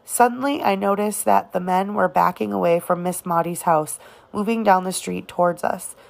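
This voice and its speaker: A woman narrating an audiobook of a novel, reading in a halting way with occasional restarts on words. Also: fairly low pitch, steady tone, creaky. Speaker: audiobook reader.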